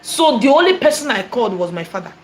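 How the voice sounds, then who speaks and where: Her fairly high voice comes quickly, over a slight hiss or hum, as this Nigerian-accented prophetess tells her personal testimony. The storytelling is animated and repetitive, mixed with Igbo phrases.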